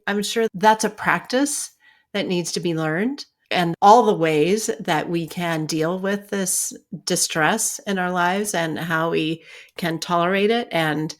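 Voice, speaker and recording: A woman psychologist co-hosting a podcast, reflecting back what she hears and checking her understanding. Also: on the low side. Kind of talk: conversational podcast discussion.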